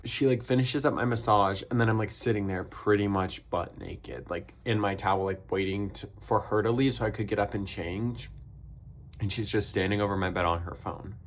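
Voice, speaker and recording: A man's voice: on the low side, fairly even intonation, normal speed, a little hiss or hum. A young man vlogging, telling a story in a casual, rambling way full of fillers, with a wry edge.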